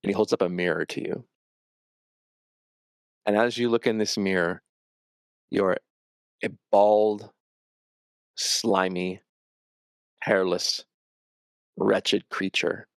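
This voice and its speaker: A man narrating a tabletop role-playing game as game master, in a dramatic, measured way. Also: fairly low pitch, steady tone, clean tone, no echo, studio quality.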